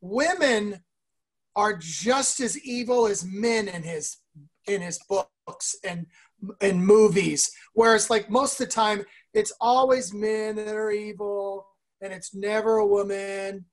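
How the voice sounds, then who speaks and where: A man's voice: sits high, slow pace. A man in a casual podcast chat, emphatic and often restarting his points. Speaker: podcast co-host.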